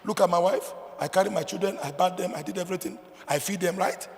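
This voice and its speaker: A Nigerian man preaches from the pulpit in a high voice. He hammers points loudly and then falls to quiet, low asides. A long reverb from the hall trails his words. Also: fast. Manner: emphatic preaching, swinging between loud declarations and low asides. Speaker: pastor. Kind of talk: sermon.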